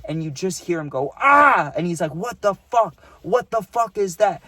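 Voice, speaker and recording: A man's voice: on the high side, darkish tone, dry recording. Young man telling a story, laid-back and slangy. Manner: laid-back, slangy, keeps adding "dude" and "right?". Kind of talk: casual storytime chat.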